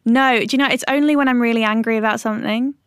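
A woman's voice: on the high side, steady tone, quick pace, clean tone, dry recording, studio quality. A woman from Scotland co-hosting an interview and asking curious questions. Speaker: co-host. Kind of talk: casual interview chat.

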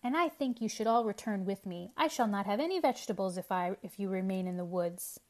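A woman's voice: mid-range voice, animated, brisk, close to an everyday voice. A woman voicing a proud, earnest ten-year-old boy in a storybook reading. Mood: dismayed. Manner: earnest, eager.

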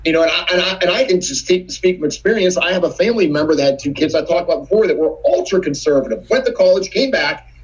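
A man's voice: high voice, expressive, fast. Indignant man on a dull, lo-fi line. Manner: indignant, lecturing. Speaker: podcast guest. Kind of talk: opinionated podcast talk.

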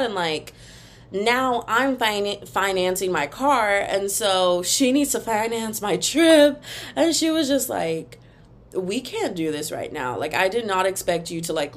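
A young woman hosting a podcast, ranting casually and animatedly to her listeners. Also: fairly low pitch. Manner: animated and expressive, sings snippets, talks to listeners as "girl" and "y'all". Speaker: podcast host.

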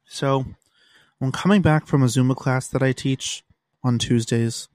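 A man's voice: medium pitch, normal speed, darkish tone, no echo. Young man venting on a podcast. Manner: exasperated storytelling, swears freely. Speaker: podcast host. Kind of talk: casual solo podcast rant. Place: room at home.

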